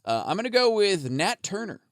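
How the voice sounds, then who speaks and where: A man co-hosting a casual podcast, talking in loose, rambling bursts, swearing freely and laughing often. His voice is smooth and clear, a little higher than most men's, recorded dry and close to the mic. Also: big pitch swings, a little fast, fairly bright tone, dry recording. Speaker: podcast co-host.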